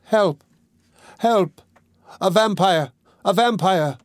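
A man's voice: medium pitch, normal speed, no echo, clean studio sound, natural voice. A man reading aloud, voicing a terrified young woman who trembles with rage and fear as she fights off her attacker. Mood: screaming for help.

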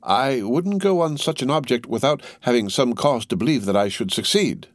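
A man's voice: mid-range voice, lively intonation, normal speed, no room sound, voice pushed up, natural voice. Man doing a fussy older bank clerk, polite, stammering, hesitant, lilting, dry sound. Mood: mild.

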